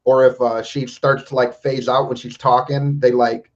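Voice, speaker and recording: A man's voice: mid-range voice, flat delivery, normal speed. A man hosting a podcast in casual chat, talking bluntly and swearing constantly. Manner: blunt and heavily profane. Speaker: podcast host. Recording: dull lo-fi recording.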